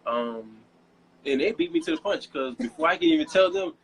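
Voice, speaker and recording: A young man being interviewed as a guest model, telling stories in a casual, animated way and laughing often. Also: a little high, fairly quick, a little hiss or hum, rough recording. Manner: giddy, laughing, animated storytelling.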